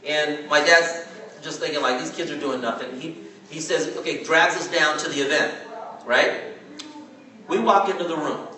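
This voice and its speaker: A man in his forties from California tells a story to a live audience in a chatty, animated way, laughing as he goes. His voice sits a little high and sounds bright and forceful. The hall echoes heavily, and he stands some way from the mic. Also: moderate pace, recorded from a distance. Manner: chatty, animated, asks "right?" often, laughs as he talks. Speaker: network marketing trainer. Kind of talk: storytelling training talk.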